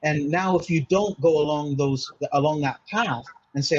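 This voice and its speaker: A man's voice: fairly high pitch, brisk, few pauses, slightly rough, dull audio. A man from Malta, a mindset consultant, explaining earnestly in a casual interview, often restarting and saying "you know". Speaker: mindset consultant, podcast guest.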